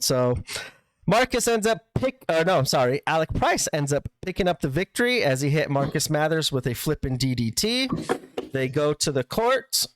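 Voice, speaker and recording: A man co-hosting a podcast, recapping events in a lively way and acting out what people said. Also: a little high, clean tone, dry recording. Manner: animated storytelling, acts out quotes. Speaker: podcast co-host.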